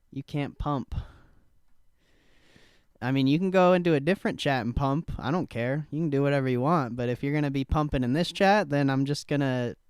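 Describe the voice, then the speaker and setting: A man's voice: mid-range voice, a little mellow, clear, resonant tone, no echo, clean studio sound. A young man hosting a live trading stream, laid-back, swearing casually and laughing often as he answers chat. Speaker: stock trading livestream host.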